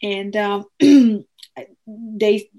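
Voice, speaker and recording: A woman telling a personal story in an earnest, animated way, acting out the dialogue with frequent restarts. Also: medium pitch, very slow.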